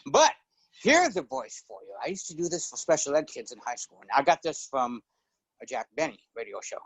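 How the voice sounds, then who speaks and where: A man's voice: fairly high pitch, brisk, breathy edge, no room sound, rough recording. A middle-aged man chatting as a guest, telling stories and now and then slipping into character voices. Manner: relaxed storyteller who slips into character voices. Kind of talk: casual chat.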